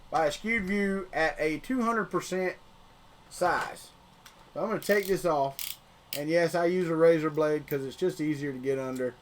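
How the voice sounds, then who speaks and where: A high-voiced man with a Southern US accent, from Florida, talks loosely to his livestream viewers about 3D printing. He rambles and often restarts or repeats words as he works at his printer. A faint hum of room ambience sits behind him. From Florida, United States. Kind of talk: casual live-stream chat.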